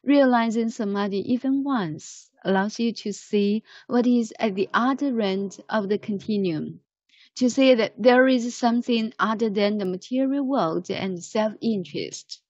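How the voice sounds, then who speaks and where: A woman's voice: on the high side, unhurried, a little mellow, no room sound, dull audio. A woman, teaching as she patiently corrects pronunciation and reads a text aloud. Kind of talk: language lesson, reading aloud.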